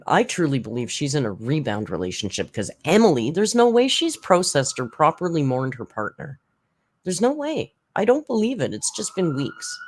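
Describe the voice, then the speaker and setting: The speaker is a channel host whose casual commentary is blunt and meandering, marked by repeated restarts, side comments, and sarcastic rises in pitch for emphasis.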